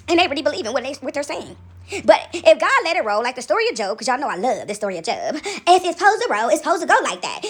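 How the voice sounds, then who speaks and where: A woman giving a casual spiritual pep talk, preachy and playful, often acting out other people's voices. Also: high voice. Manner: animated, preachy, acts out little voices with laughs.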